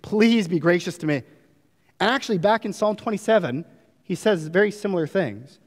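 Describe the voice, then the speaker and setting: A man's voice: high-pitched, lively intonation, moderate pace, long reverb tail. A man preaching a sermon earnestly, acting out prayers with rising drama. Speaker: pastor.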